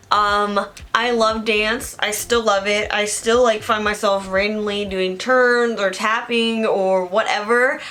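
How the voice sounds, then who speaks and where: A young woman talks to camera in a relaxed vlog, her voice sitting a little high. She is chatty and earnest, filling her sentences with "um" and "like" as she goes. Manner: chatty, earnest, many fillers like "um" and "like". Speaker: beauty vlogger.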